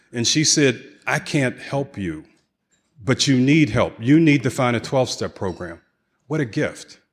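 A man giving a keynote talk at a recovery conference, earnestly telling his own story and acting out the conversations in it. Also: mid-range voice. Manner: earnest storytelling, acts out quoted dialogue. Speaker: keynote speaker. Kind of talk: personal recovery testimony. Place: conference hall with audience.

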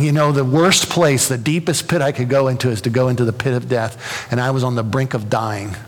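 Impassioned preacher man in a reverberant hall. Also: mid-range voice. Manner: earnest, rising to impassioned emphasis with repeated words. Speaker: pastor. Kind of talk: sermon. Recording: long reverb of a large hall.

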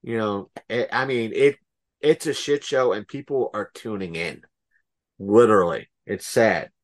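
A man co-hosting a podcast in casual chat, rambling and filling gaps with "uh" and "um," blunt and quick to swear. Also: fairly low pitch. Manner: rambling, heavy with fillers and restarts. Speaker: podcast co-host.

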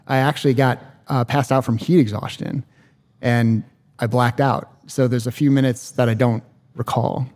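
A man talking in a halting, hesitant way in casual conversation, with many fillers. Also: medium pitch, steady tone, darkish tone. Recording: room with long reverb.

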